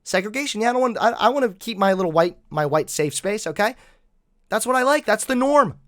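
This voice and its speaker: A man's voice: high voice, lively intonation, a little fast, a bit bright, voice pushed up. A man voicing a smug, whiny male bigot caricature with a sneering manner.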